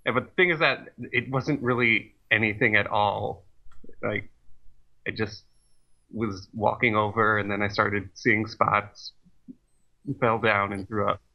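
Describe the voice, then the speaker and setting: Low-key young man, dull lo-fi audio. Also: steady tone, a little slow, vocal fry, pauses often. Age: young adult. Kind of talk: casual chat. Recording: dull lo-fi sound.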